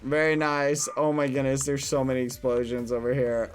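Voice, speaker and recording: A man streaming a game live, cheering players by name and shrieking high when the game turns. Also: level tone, moderate pace, faint music behind. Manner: talks to chat and players by name.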